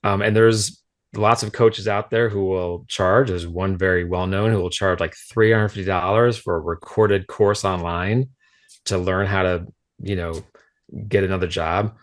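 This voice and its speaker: Man, very low voice, frank and explanatory, casual podcast guest, former principal. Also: fairly even intonation, moderate pace. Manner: frank, explanatory, drops in rhetorical "right?".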